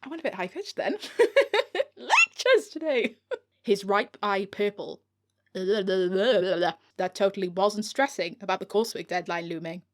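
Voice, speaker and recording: A woman's voice: mid-range voice, measured pace. A British woman reading her own novel aloud, often breaking into giggles and swearing at her slips. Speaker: author narrating her own audiobook. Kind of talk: audiobook reading with bloopers. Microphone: home recording mic.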